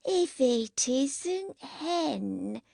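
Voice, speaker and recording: A tipsy, doting woman drags her words out slowly and sweetly. The voice swoops up and down, with a gravelly edge, as a woman narrator acts her out. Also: high-pitched, big pitch swings, mellow, dry recording, studio quality, pitched above the performer's own voice, exaggerated voice. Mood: drowsy doting. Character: drunk, drowsy, clingy woman.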